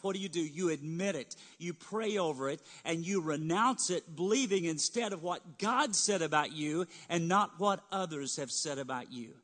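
High-voiced man preaching in a reverberant hall. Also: a bit bright. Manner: earnest preaching, addresses listeners as friend, leads the congregation. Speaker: pastor. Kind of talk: sermon.

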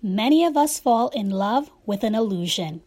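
A woman's voice: medium pitch, animated, moderate pace, dark tone. A woman in her forties giving a candid, wry, faith-tinged spoken essay about relationships.

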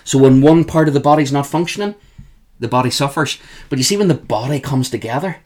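A man with a Northern Irish accent, a guest telling emphatic, animated stories in an interview. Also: mid-range voice, a little fast. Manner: animated, emphatic, repeats the host's name. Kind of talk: storytelling in an interview.

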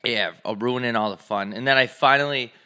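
Sarcastic, profane young man with a very bright voice. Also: medium pitch, brisk, clear, resonant tone. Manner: sarcastic, profane, mock-outraged. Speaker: podcast co-host. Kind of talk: casual crude podcast banter.

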